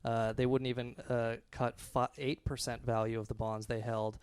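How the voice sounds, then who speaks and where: A man's voice: medium pitch, flat delivery, normal speed, clear, resonant tone, dry recording. A man co-hosting a podcast, ranting sarcastically with many fillers. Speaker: podcast co-host. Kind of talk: casual chat.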